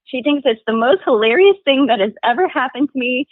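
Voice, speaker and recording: A woman's voice: high voice, lively intonation, brisk, no room sound. A woman calling in anonymously to a chat show, talking nervously with lots of laughs and filler words. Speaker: anonymous caller. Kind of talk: confessional phone-in chat. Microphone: telephone. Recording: tinny phone line.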